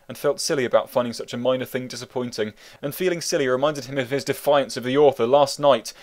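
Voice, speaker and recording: A man with a medium-pitched voice narrates the audiobook of a book he wrote himself. His reading is wry, meandering and deadpan.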